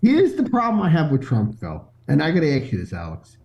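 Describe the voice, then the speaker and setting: Male caller, rambling and jokey, animated pitch, lo-fi line. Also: a little fast, vocal fry. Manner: joking, rambling, laughs at himself. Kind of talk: casual political chat.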